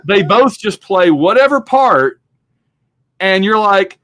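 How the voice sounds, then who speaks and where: A man with a somewhat high voice hosts a podcast. He talks in a loose, rambling way and keeps slipping into little acted-out quotes. The sound is dry and close. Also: animated, slow pace, pauses often, a bit bright, dry recording. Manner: rambling, chatty, acts out quotes. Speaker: podcast host. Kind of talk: casual movie discussion.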